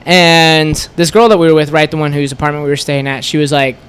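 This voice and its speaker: A man's voice: a little high, fast, clean tone. A man, a podcast guest telling a road-trip story in casual chat, acting out what everyone said and leaning on "like" a lot. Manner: animated, acts out quoted voices, lots of "like". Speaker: podcast guest, store co-owner.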